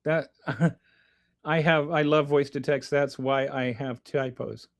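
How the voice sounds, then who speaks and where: A man hosting a casual livestream, reading chat aloud and commenting in a rambling, animated way with many restarts. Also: medium pitch, slow.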